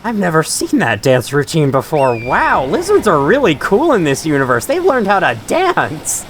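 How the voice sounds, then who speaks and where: A man talks over his game footage in a loose, joking way, laughing at his own mishaps. His voice sits a little high and swings widely in pitch. A faint hum of noise runs underneath. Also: wildly swooping pitch, moderate pace, fairly bright tone. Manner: chatty, joking, laughs often. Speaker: let's play host. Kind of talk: gaming commentary.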